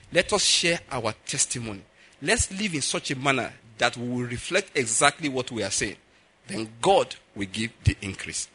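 Male preacher, lively pitch, husky, bright tone, acts out voices mid-sermon. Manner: animated, acts out voices, laughs at own jokes.

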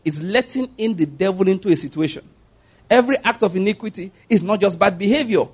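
A man preaching a sermon as pastor, emphatic, often asking the congregation if they follow and swinging between loud and hushed delivery. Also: sits high, expressive, a little fast, breathy edge.

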